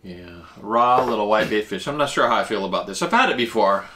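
Bright-voiced man chatting through a tasting. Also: fairly quick. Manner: chatty, explains Japanese food terms while tasting; eats while talking, with lively jumps in pitch. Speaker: food vlog host. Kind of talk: casual food-tasting chat.

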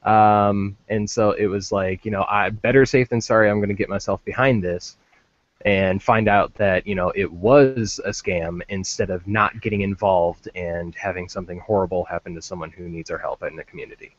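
A man's voice: low-pitched, steady tone, normal speed, no room sound, lo-fi sound. A man hosting a podcast in casual chat, laid-back, swearing freely and leaning on fillers. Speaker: podcast host.

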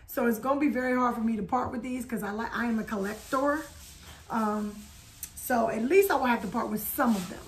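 A woman talks viewers through her shopping finds in a casual vlog. Her voice sits a little high, and she chats easily and hums theme tunes along the way. Faint clicks sit in the background. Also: a little fast, a little hiss or hum. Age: adult. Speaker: haul video host.

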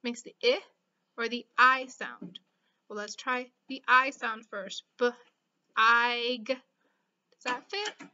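Patient female teacher, slightly high voice, for a slow-paced children's phonics video. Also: steady tone, bright, forceful tone, highs cut off. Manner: slow, patient, sounding out letters. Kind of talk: phonics lesson for young children.

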